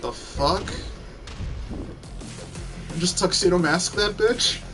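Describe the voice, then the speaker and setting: A man's voice: sits high, slow pace. A man casually commentating on a fighting game, crude and sarcastic, swearing often. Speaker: let's play host. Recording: game music underneath.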